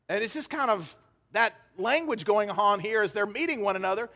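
A man's voice: high voice, lively intonation, normal speed, a bit bright. A man preaching a sermon as pastor, emphatic and acting out the quoted dialogue. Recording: hall reverb.

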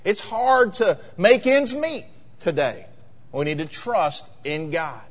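A man preaching a sermon as pastor, emphatic and rising to loud peaks in a church sanctuary. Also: high-pitched, sing-song, takes it slowly. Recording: long reverb of a large hall.

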